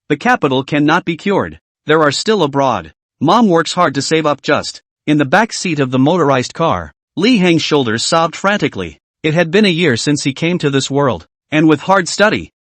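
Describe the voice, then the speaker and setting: A man's voice: on the high side, fairly bright tone, no echo. A man narrating a manhwa recap, reading all the dialogue himself in one voice.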